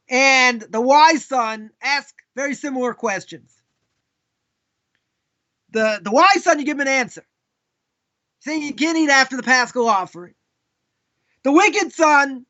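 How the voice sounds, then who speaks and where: A man's voice: very high voice, expressive, unhurried, long pauses, pushed and bright, lo-fi sound. A man with a Boston accent, a rabbi giving a live Torah class, telling stories and acting out people's questions in quoted voices. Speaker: rabbi teaching.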